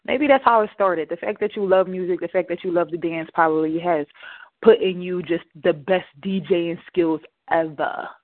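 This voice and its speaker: A woman's voice: fairly low pitch, moderate pace, no room sound. A woman hosting an internet radio talk show, out of breath and chatting animatedly with her listeners. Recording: tinny phone-like dry sound.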